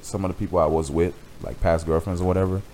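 Laid-back deep-voiced man from Miami. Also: fairly even intonation, fast talker, darkish tone, slight background noise. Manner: laid-back, streetwise slang, swears freely. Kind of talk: casual chat.

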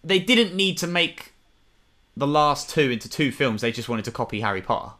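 A young man hosting a podcast, chatting casually and relaxed with plenty of slang. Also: on the high side, normal speed. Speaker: podcast co-host. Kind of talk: casual chat. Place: home, remote call.

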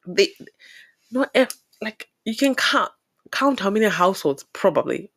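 A young woman from Zimbabwe talking to the camera in a casual, opinionated monologue, animated and exasperated, laughing often. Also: medium pitch, unhurried, vocal fry. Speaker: vlogger.

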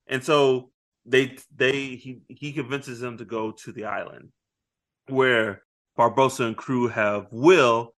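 Podcast co-host, male, mid-pitch, chatty recapper who drops into character voices. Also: steady tone, fairly bright tone. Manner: retells scenes, acting out lines in quick voices. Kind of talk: casual movie review chat.

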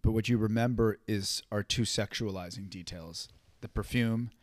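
A man's voice: fairly low pitch, fairly even intonation, normal speed, no echo. Male interviewer, thoughtful, long probing questions, dry close sound.

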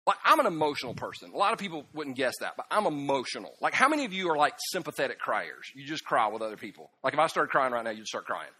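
A man preaching a humorous sermon, telling emotional stories, dropping soft and then bursting out laughing and loud. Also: medium pitch, quick pace, few pauses, slightly rough. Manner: animated storytelling, swings from hushed to loud laughing outbursts. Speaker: pastor. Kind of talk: sermon with self-deprecating humor.

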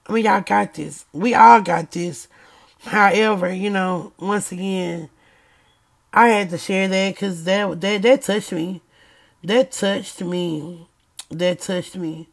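Woman, vlogger, casual talk, emphatic, repeats words, stutters when excited, reads aloud. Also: mid-range voice, slow, vocal fry. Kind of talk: casual talk to viewers, reading a book aloud.

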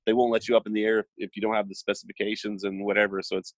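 A man's voice: fairly low pitch, very fast, dry recording. A man chatting casually, telling anecdotes and acting out the dialogue. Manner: animated storyteller, acts out dialogue. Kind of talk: casual chat.

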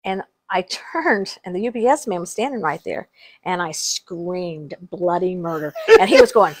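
A woman's voice: fairly low pitch, big pitch swings, normal speed. A middle-aged woman co-hosting a casual chat, telling family stories with frequent laughter and restarted sentences. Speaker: podcast co-host.

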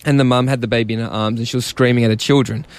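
A man's voice: mid-range voice, fairly even intonation, rapid-fire. A young man, casually telling a story on a chat show in a rambling, self-mocking way. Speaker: podcast co-host telling a story.

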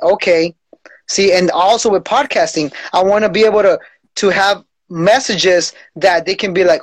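A man in his forties hosts a podcast in a relaxed, slangy way and keeps saying bro. His voice sits high for a man. The sound is very dry and close, with almost no room around it. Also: normal speed, no echo. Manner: laid-back, slangy, says "bro" often. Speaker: podcast host. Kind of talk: casual conversation.

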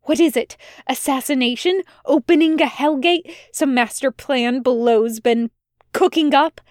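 A woman's voice: high-pitched, unhurried, no echo, studio quality. A woman voicing an agitated, suspicious male angel who demands answers in a near hiss. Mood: angry.

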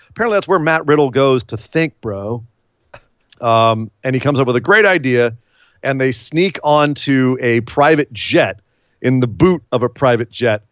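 A man's voice: medium pitch, dry recording. Chatty man recapping wrestling, lo-fi. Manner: chatty, laughs while recapping. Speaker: wrestling podcast co-host. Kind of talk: casual recap chat.

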